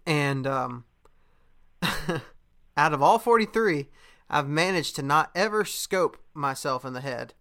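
A man's voice: fairly high pitch, expressive, a little slow, pauses often, fairly bright tone. A young man in casual chat, a podcast host telling a story in a laid-back way, with lots of fillers and laughter.

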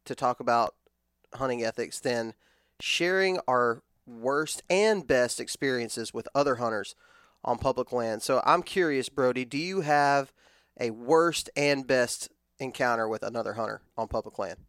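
Male podcast host, smooth clear voice, dry close sound, upbeat. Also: medium pitch, unhurried, fairly bright tone, no echo. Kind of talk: casual interview.

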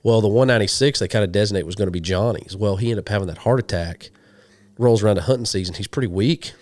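A man from western Oklahoma, a hunting show guest, telling animated stories in a casual interview and quoting people as he goes. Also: on the low side, fast, dry recording. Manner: animated storyteller, quotes people in dialogue.

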